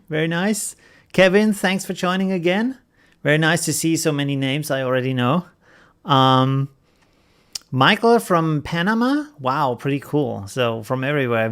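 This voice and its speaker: A man's voice: a little high, a bit bright, clear, resonant tone. A man with a German accent hosting a casual live stream, greeting viewers by name and chuckling often.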